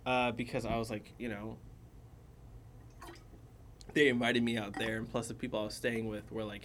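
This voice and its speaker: A man co-hosting a podcast, telling animated stories in casual chat and laughing often. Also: mid-range voice, moderate pace, long pauses, slight background noise. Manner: animated storyteller, laughs a lot. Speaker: podcast co-host.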